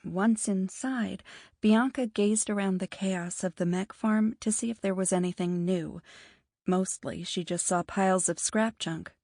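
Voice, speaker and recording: A woman reads a science fiction audiobook in an even, measured storytelling voice of middle pitch. The recording is very dry and close, with no room sound. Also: no echo. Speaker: audiobook narrator. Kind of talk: scripted narration.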